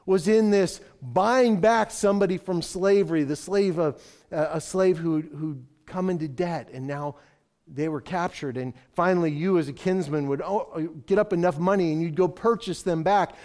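A man preaching a sermon as pastor, swinging from loud proclamations to hushed, emphatic lines. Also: high voice.

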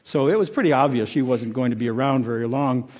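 A man giving an informal sermon through a personal story, halting and often repeating words as he restarts. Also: mid-range voice, a little mellow.

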